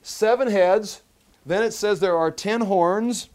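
A man's voice: high voice, slow pace, darkish tone. A man teaching a Bible study sermon, emphatic, repeating key phrases and often restarting mid-sentence.

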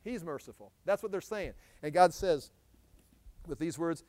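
A pastor preaching an expository sermon, animated and emphatic, his voice swelling when he stresses a point. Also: on the high side, a little slow, no room sound.

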